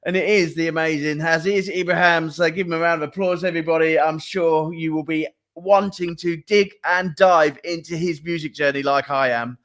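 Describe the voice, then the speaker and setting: A man's voice: fairly high pitch, fairly even intonation, moderate pace, hardly any pauses, a bit bright. A man hosting a live interview show, chatty and upbeat, laughing easily. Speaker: host.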